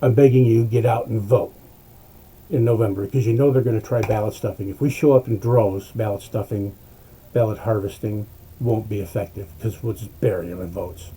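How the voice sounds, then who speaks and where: A man's voice: on the low side, fairly even intonation, moderate pace, mellow, a little hiss or hum, low-quality recording. A man hosting a political talk show, ranting in a fired-up way and swearing as he urges listeners to act. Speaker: host.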